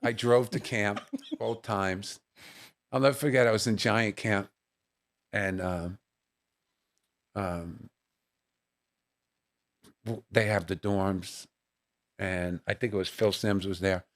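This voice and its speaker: A man's voice: on the low side, slow pace, pauses often. A middle-aged male comedian chatting in an interview, telling family stories with lots of fillers and bursts of laughter. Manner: animated storyteller who acts out family voices. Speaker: guest comedian. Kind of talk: casual storytelling interview.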